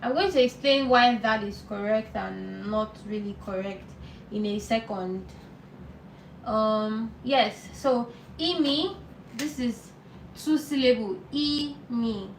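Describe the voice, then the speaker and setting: A woman teaching a live online beginner lesson, patient and repeating words slowly for learners. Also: medium pitch, reverberant, recorded from a distance, a little hiss or hum, poor audio. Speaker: language teacher.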